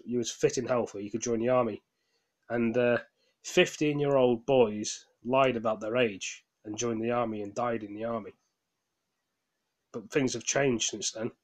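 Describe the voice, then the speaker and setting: A man vents in a rambling casual vlog rant. His voice sounds tired, and he talks in a heated way, swears, stumbles over restarts and apologizes to his viewers. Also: medium pitch. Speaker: gaming vlogger. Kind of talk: casual ranting monologue.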